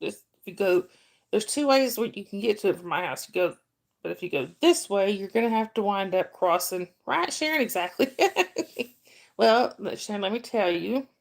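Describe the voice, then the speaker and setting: With a mid-range, creaky voice, this woman talks animatedly at a moderate pace. She's a North Georgia livestream host with a Southern American accent, running a casual live-chat stream, often laughing and calling out viewers by name.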